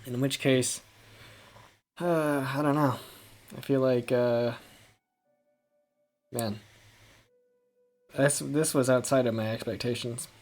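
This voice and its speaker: Brief: male gaming creator, mid-pitched, hesitant rambling commentary full of fillers. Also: steady tone, takes it slowly, pauses often, a little mellow, faint music behind. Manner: rambling, hesitant, thinking aloud with many fillers. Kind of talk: casual let's-play commentary.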